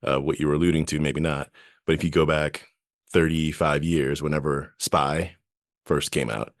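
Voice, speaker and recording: Male co-host, extremely deep voice, reasoning aloud, dry recording. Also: fairly even intonation, normal speed, no room sound. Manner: thinks aloud, restarts, reasoning. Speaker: podcast co-host. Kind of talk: casual chat.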